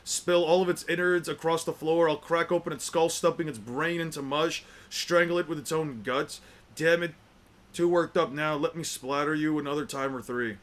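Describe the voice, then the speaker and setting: A man's voice: a little high, fairly even intonation, moderate pace, fairly bright tone, natural voice. A man reading aloud as a vicious villain who rants spitefully about revenge. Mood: furious. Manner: ranting, spiteful. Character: furious, vicious, vengeful villain.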